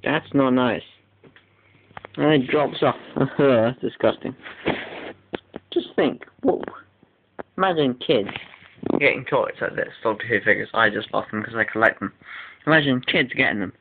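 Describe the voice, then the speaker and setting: A man's voice: mid-range voice, expressive, normal speed, creaky, long pauses. A teenage boy vlogging casually at home, rambling and complaining in an exaggerated, whiny way, recorded on a tinny, lo-fi line with faint hiss.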